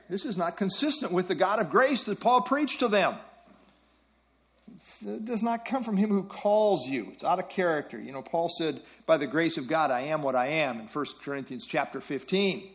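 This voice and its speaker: A man's voice: high voice, animated, moderate pace, a bit bright. A man leading a Bible study class, teaching earnestly and repeating key phrases for emphasis.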